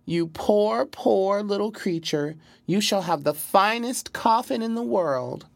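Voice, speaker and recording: A man voicing a soft-hearted young princess who speaks in a weepy, pleading way. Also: high voice, lively intonation, slow pace, creaky, dry recording, pitched above the performer's own voice, full character voice. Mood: weeping.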